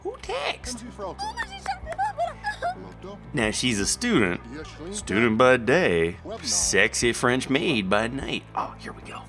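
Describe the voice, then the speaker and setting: A man casually commenting while playing a life-simulation video game, talking to the characters and jumping up in pitch when surprised. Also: animated, slow, over music. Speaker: gameplay commentator. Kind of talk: casual let's play commentary.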